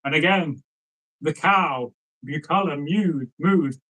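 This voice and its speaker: A man's voice: a little high, slow, pushed and bright, rough recording. A man telling a folk tale aloud in a chatty, rambling way, often turning aside to address listeners. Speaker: storyteller. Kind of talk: oral folk tale storytelling.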